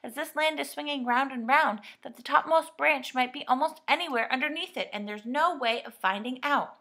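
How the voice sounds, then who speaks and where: Storybook girl, earnest and sensible, bright and high, read by a woman. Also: moderate pace. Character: sensible, quick-thinking girl.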